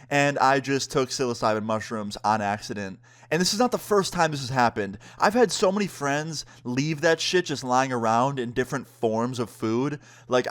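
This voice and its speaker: A young man casually telling a personal story, acting out the lines of the people in it. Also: mid-range voice. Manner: laid-back, acts out quotes of friends.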